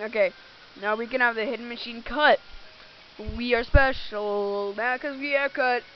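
Slow-talking woman rambling over gameplay. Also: on the high side, slight background noise. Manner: rambling, self-correcting, giggly. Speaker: let's play host. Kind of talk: casual gameplay commentary. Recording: dull lo-fi recording.

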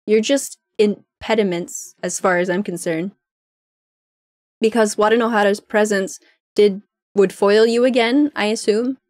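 A woman's voice: medium pitch, steady tone, unhurried, darkish tone, no echo, studio quality, natural voice. A woman voicing an edgy, cold young shark boy who talks in curt threats. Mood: cold menace.

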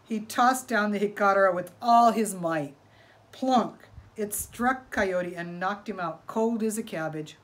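Storyteller, woman, expressive picture-book reading, slow and unhurried. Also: medium pitch. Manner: expressive, asking listeners questions.

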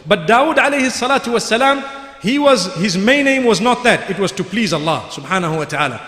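Guy preaching a story sermon, pretty high voice, lots of emphasis, long hall echo. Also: expressive, fairly quick, bright, forceful tone. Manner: vivid, emphatic storytelling with repeated phrases. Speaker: Islamic preacher. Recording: echoey hall with long reverb.

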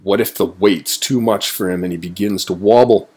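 A man reading a children's picture book aloud, slowly and clearly. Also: low-pitched, darkish tone. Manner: slow, clearly paced reading. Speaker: storybook reader. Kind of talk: children's storybook read-aloud.

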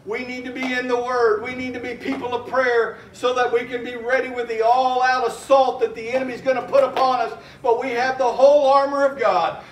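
A man preaching a sermon as pastor, earnestly reciting hymn verses slowly and urging his congregation on. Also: very high voice, a little hiss or hum. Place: church sanctuary. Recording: echoey church room from a distant mic.

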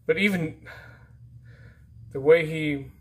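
A man hosting a casual mail-call vlog, rambling and easygoing as he opens packages, often trailing off into low mutters. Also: takes it slowly. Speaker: YouTube channel host. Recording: faint background noise.

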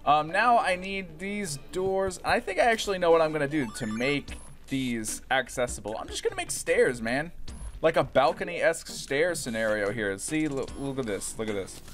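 A young man giving casual, profane let's-play commentary, rambling and breaking into excited yells. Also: fairly high pitch, normal speed, faint music behind. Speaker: gaming YouTuber.

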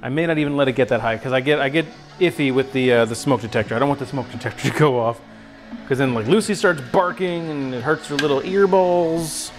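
A man's voice: mid-range voice, quick pace, faint music behind. A man streaming a casual cooking lesson from his home kitchen, rambling and joking with his chat. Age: adult. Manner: rambling, jokey, talks to chat.

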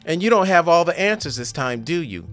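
A man's voice: a little high, lively intonation, normal speed, fairly bright tone, faint music behind, pitched above the performer's own voice. A man voicing an outspoken young woman who fires back sarcastically in a storybook reading. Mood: defiant.

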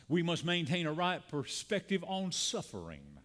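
A man's voice: fairly high pitch, wildly swooping pitch, moderate pace, few pauses, fairly bright tone. A man preaching a sermon as a pastor, speaking to a congregation, calling out lines for them to repeat and building to emphatic peaks. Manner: preaching with call-and-response and rising emphasis. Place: church sanctuary.

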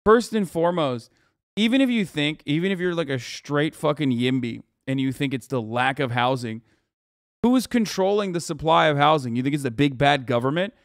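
A man in his thirties talking fast and swearing freely as he reacts to a video live. His voice sits a little high, and it is recorded dry and close with no room sound. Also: animated, no room sound. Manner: profane, incredulous, rapid-fire ranting. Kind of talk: live stream commentary.

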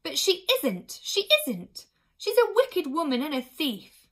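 Woman doing a soft-voiced, gentle queen, raised pitch, storybook reading. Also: big pitch swings, moderate pace, creaky, exaggerated voice. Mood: anguished. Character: gentle, anxious queen mother.

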